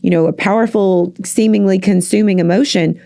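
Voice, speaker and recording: A woman's voice: mid-range voice, a little fast, gravelly, warm tone. A young woman hosting a podcast conversation, talking earnestly and building on her guest's points. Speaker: podcast host.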